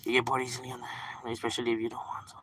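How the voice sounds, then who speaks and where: A man's voice: mid-range voice, completely flat delivery, rapid-fire, bright, forceful tone, slight background noise, poor audio. A man chatting casually on a live stream, swearing freely, laughing often and filling his talk with "like" and "you know.". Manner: loose and profane, laughs often, lots of fillers; chatting back to unseen viewers.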